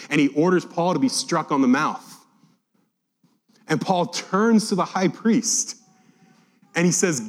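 A man preaching a Bible-teaching sermon, reading scripture aloud and acting out the quotes with animation. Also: a little high. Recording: long hall reverb.

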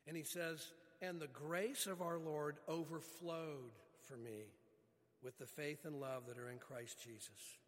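A man's voice: fairly high pitch, in a large hall. A man preaching a sermon as pastor, earnest, stretching key words for emphasis.

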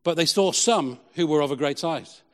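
A middle-aged man, a pastor, preaching a sermon with emphatic, slow, repeated phrases. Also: on the high side, long reverb tail.

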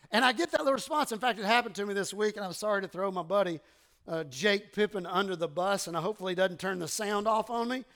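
Bright-voiced Southern pastor preaching. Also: male voice, high voice, brisk. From American South. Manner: conversational, self-deprecating, with stammered restarts and quoted exchanges. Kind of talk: sermon.

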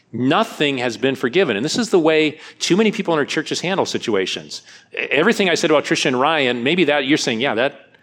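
A man's voice: mid-range voice, fairly bright tone. A man preaching a sermon, earnest, reading a book passage aloud and stressing his key points.

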